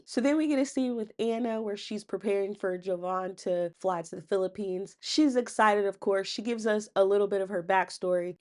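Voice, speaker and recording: A young woman with a slightly low voice talks through a reality show episode in a chatty, sassy way. Her slangy side comments keep the retelling loose and playful. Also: darkish tone. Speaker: recap channel host. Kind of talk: casual TV recap monologue.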